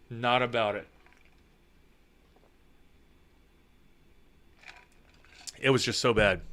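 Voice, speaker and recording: A young man hosting his own show, telling a story in a casual, rambling way that gets animated and sweary. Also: high-pitched. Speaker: podcast host.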